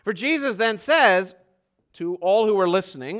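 A man delivers a sermon in a slightly high, bright, forward voice. He swings from loud, urgent emphasis to low, quiet stretches and slows right down to press home his key phrases. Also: sing-song. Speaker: pastor.

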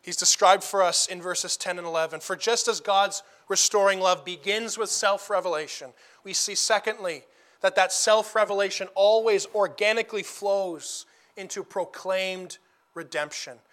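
High, bright-voiced male preacher. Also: moderate pace. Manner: emphatic, repeats phrases for stress, rising to loud declarations. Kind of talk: sermon.

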